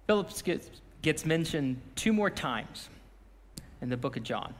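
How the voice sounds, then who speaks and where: Pastor guy preaching hard then praying quiet, high voice, big echoey church hall. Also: lively intonation, a little slow. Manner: impassioned, shouting repeated phrases, then dropping to a quiet prayer. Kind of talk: sermon.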